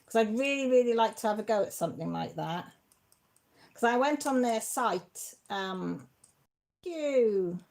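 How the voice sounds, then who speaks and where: On a casual craft live stream from her home, the host is chatty, warm and teary, almost crying as she thanks viewers. She sounds gravelly and on the high side, unhurried, with lively intonation.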